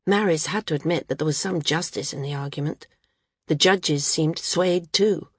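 A woman narrating a novel in a steady, even storytelling manner. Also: deep voice, normal speed, slightly rough, no echo, clean studio sound. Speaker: audiobook narrator. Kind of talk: scripted narration.

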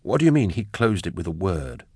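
A man voicing a tense young male rescuer who speaks in a hushed, urgent way. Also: low-pitched, sing-song, a little fast, slightly rough, dry recording, studio quality, heavily acted.

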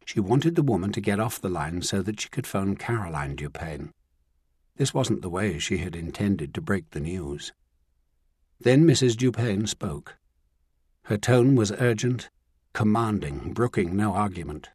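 Male narrator, measured reading, low husky voice, dry booth. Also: no room sound. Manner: measured, even storytelling. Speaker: audiobook narrator. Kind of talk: scripted audiobook narration.

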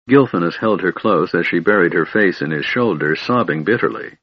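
Husky, low-voiced male audiobook narrator. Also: lively intonation, a little fast, few pauses, no room sound, dull audio. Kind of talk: scripted fantasy narration.

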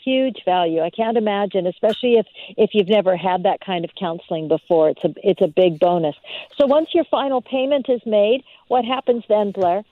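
A woman's voice: mid-range voice, fairly quick, no room sound. A woman hosting a talk show, prompting her guest with friendly questions. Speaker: host. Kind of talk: radio talk interview. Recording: tinny phone-like sound.

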